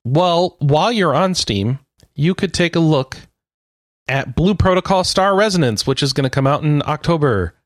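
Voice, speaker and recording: A joking man runs through release dates in a casual gaming chat. His voice swings widely and sits a bit high. The sound is dry and close. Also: expressive, normal speed, dry recording. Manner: joking, leads the topic list. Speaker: podcast co-host.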